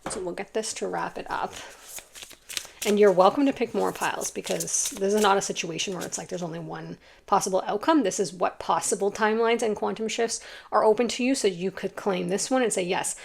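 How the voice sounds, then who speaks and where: A young adult woman giving a casual, effusive tarot card reading to her viewers, full of "like"s and quick laughs. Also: medium pitch, creaky, slight background noise. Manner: chatty and effusive, many "like"s, quick laughs, acts out imagined people.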